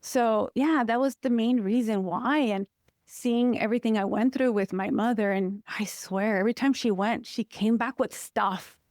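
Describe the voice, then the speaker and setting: A woman counselor talks as a podcast guest, emphatic and expressive as she tells personal stories. Her voice sits somewhat high, and the sound is dry and close with no room echo. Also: moderate pace. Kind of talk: personal conversational interview talk.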